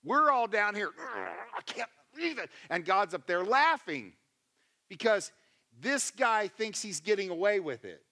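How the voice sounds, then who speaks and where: Brief: male pastor, sermon, emphatic and chatty, bright and sharp, slightly high voice. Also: very animated, measured pace. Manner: emphatic, acts out quotes in voices; conversational, asks the congregation questions.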